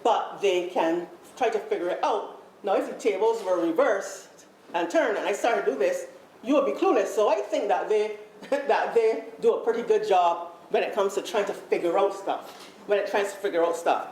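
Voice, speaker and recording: Woman, Barbadian accent, workshop leader, animated, repeats herself, echoey room, faint noise. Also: mid-range voice, normal speed. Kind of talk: lively live workshop talk to a group. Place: large room with an audience.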